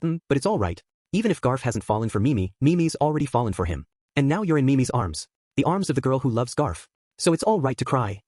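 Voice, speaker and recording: A man's voice: medium pitch, sing-song, fast talker, darkish tone, dry recording, clean studio sound. A man voicing a cheerful, playful little beast-girl who teases and talks about herself in the third person, reading an audiobook. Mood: teasing. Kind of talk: audiobook character voice.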